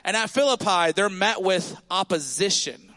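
Bright-voiced pastor preaching a sermon. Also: male voice, sits high, normal speed. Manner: animated storytelling with audience call-outs. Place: church sanctuary.

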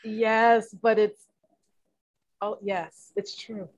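A woman's voice: medium pitch, flat delivery, very slow. A woman in casual chat, emotional and surprised, laughing easily. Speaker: panel guest.

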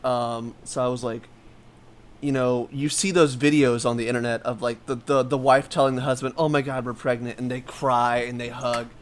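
A man's voice: medium pitch, little pitch movement, normal speed. A man chatting casually as a podcast co-host, talking candidly in a rambling way with many fillers and restarts. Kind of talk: casual chat.

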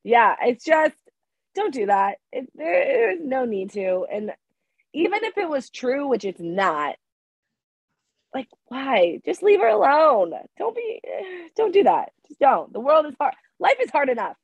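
A woman co-hosts a podcast in casual chat, her voice a little high and worn down by sickness. She talks emphatically and repeats herself for emphasis. The sound is dry and somewhat dull. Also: big pitch swings, a little slow, gravelly, no echo. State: sick voice. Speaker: podcast co-host.

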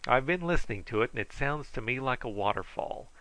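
A man reading a thoughtful, calm doctor. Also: mid-range voice, fairly quick, no room sound, lightly acted, rough recording. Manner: thoughtful, reasoning. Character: thoughtful grown male doctor, calm and sure.

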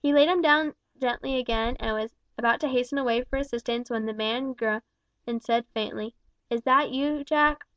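A woman narrating a novel in a steady, measured reading. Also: a little high, dry recording. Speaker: audiobook reader. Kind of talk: scripted narration. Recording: dull, dry recording.

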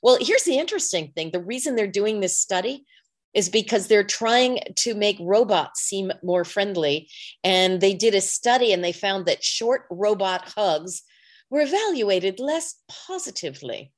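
A woman's voice: mid-range voice, expressive, moderate pace. A woman co-hosting a casual chat podcast, chatty and laughing often. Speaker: podcast co-host.

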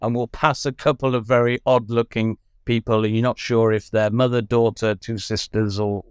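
A man's voice: moderate pace, clean tone, no room sound, clean studio sound. Thoughtful man chatting in an interview. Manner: thoughtful, hesitant with ums, lively pitch swings. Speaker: guest, actor and writer. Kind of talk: casual interview chat.

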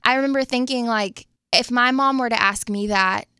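A woman's voice: a little high, normal speed, sharp tone, clear, resonant tone, no room sound, clean studio sound. A woman guest who works in radio, sharing a personal testimony in casual chat with an earnest, reflective storytelling manner. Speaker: radio show guest, phone screener.

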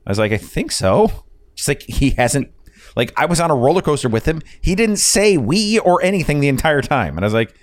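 A man's voice: fairly high pitch, big pitch swings, a little fast, dry recording. A man hosting a podcast, chatting casually, rambling and swearing and laughing at his own stories. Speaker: podcast host. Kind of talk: casual chat.

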